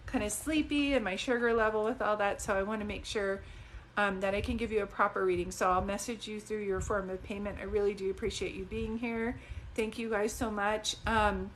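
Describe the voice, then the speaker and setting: A woman psychic talks casually to her live-stream viewers in a chatty, digressive and animated way, into a phone. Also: medium pitch, a little hiss or hum. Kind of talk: casual livestream talk to viewers.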